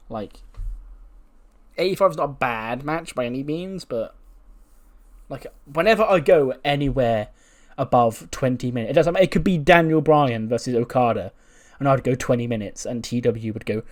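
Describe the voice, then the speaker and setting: A man's voice: mid-range voice, unhurried, pauses often, darkish tone. A man hosting a game channel, casually recapping simulated wrestling matches with blunt, swearing commentary.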